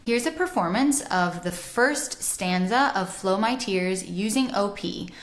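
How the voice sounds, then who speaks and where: Slow, deliberate woman in a roomy space. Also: mid-range voice, expressive. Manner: slow, deliberate, demonstrates vowel sounds aloud. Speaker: soprano and vocal teacher. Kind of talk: explanatory music lesson. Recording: roomy echo.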